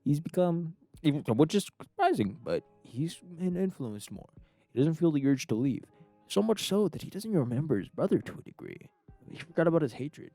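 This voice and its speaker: A young man tells a crude comic fan story in a casual, rambling way, full of fillers and swearing. His voice is mellow and lively in pitch. It is recorded dry and close, with faint music underneath. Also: a little fast, vocal fry, dry recording. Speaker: narrator.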